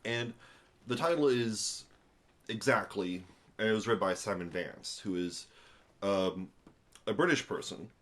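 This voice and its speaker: A young American man with a deep, low voice talks into a camera on a tripod at home. He sounds worn out after a long day and rambles in a loose, casual way, with many ums and restarts and dry asides. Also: unhurried, long pauses, fairly bright tone. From United States. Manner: rambling, full of fillers and restarts, wry asides. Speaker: vlogger reviewing a book. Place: at home indoors.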